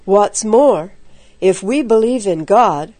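A level-headed young man, read by a woman, slow and steady as he reassures his friends. Mellow and dry in tone, a storybook reading close to the mic. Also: mid-range voice, no echo. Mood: reassuring.

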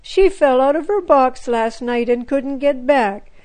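A woman's voice: high voice, unhurried, darkish tone. A woman voicing a tearful little girl who pleads and weeps over her lost kitten. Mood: pleading. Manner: pleading, weepy.

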